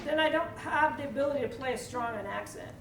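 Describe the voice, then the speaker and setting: A woman teaching a live percussion clinic to students, energetic and coaxing, often asking the room questions. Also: sits high, quick pace, over loud music. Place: school band room with students. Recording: echoey room from far off, with drumming.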